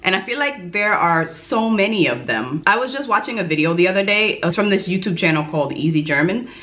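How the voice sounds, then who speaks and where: A woman's voice: on the low side, expressive, fairly quick, fairly bright tone. A young woman from New York talking casually to her viewers in a chatty, self-deprecating vlog. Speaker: YouTuber teaching German.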